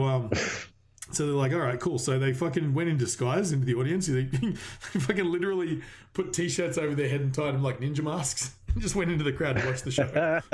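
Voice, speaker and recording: Profane man telling a story casually. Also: medium pitch. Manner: swears a lot, animated storytelling with quoted voices. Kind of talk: casual chat.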